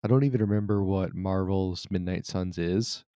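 A man's voice: low voice, normal speed, dark tone, dry recording, clean studio sound. A man co-hosting a casual gaming podcast, grumbling through dismissive, profane rants. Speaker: podcast co-host.

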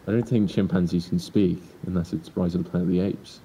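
A teenage man co-hosting a podcast, talking in a dry, deadpan way in a casual chat. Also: fast. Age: teens. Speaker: podcast co-host. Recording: distant mic with faint rumble.

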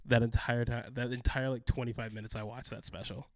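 A man in casual chat about a favorite sitcom, excitable, often acting out quotes. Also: medium pitch, a little fast, no echo. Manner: excitable, acts out quotes with laughs.

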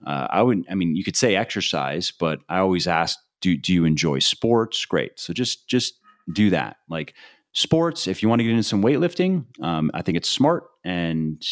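A man hosting a podcast, talking in a relaxed, hesitant way with many fillers. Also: low-pitched, no room sound, studio quality. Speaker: podcast host. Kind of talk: podcast conversation.

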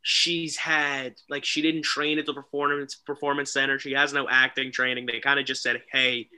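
A man co-hosting a casual wrestling talk show, excitable and animated, often mimicking people. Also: medium pitch, normal speed, smooth. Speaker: podcast co-host.

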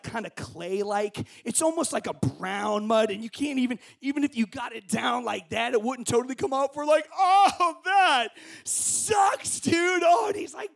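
A young man telling a story to a group as a camp speaker, acting out scenes with shouts and voices. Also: very high voice, vocal fry.

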